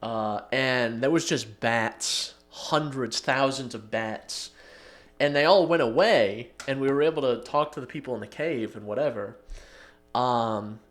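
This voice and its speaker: A man co-hosting a casual podcast, his pitch sitting in the middle range. He rambles through stories, laughs often, and slips into little acted-out quotes. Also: measured pace, a bit bright. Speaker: podcast co-host.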